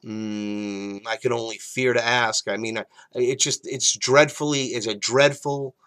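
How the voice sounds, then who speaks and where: A man hosting a talk show, delivering a rambling monologue with a mocking edge, swinging between loud emphatic bursts and low mutters. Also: fairly even intonation, unhurried, smooth. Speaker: show host.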